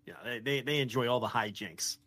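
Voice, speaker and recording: A man's voice: medium pitch, brisk, pushed and bright, dry recording. A man co-hosting a wrestling podcast in casual chat, teasing and playful, with emphatic delivery. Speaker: podcast co-host.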